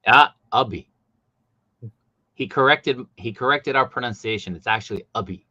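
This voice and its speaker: A man hosting a casual livestream chat about collectible figures, talking animatedly, his voice jumping high when he gets exasperated. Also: fairly quick, bright, forceful tone, dry recording, muffled recording. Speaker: host.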